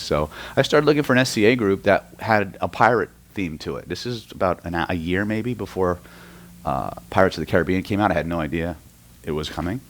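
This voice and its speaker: Deep-voiced man lecturing a seminar. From Oklahoma, US. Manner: storytelling, keeps checking in with the room. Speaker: hypnosis and NLP trainer. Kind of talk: live seminar lecture to an audience.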